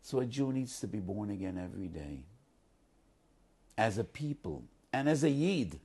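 Gravelly-voiced rabbi giving a Torah talk. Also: male voice, lowish voice, expressive, normal speed, warm tone. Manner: earnest, emphatic, mixes Hebrew quotes into English. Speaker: rabbi teaching the weekly Torah portion. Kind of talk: Torah lesson sermon.

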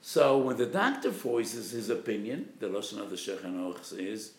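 Animated low-voiced man lecturing on religious law. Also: moderate pace, few pauses, echoey room, a little hiss or hum. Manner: emphatic, rising to loud stresses on key terms; acts out patients and doctors in quoted voices. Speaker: rabbi giving a legal lecture.

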